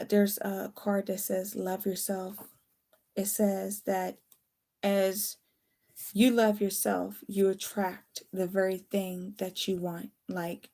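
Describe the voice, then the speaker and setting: A woman's voice: medium pitch, mellow. A tired woman giving a casual, late-night tarot reading, chatty and candid, swearing now and then. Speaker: tarot reader.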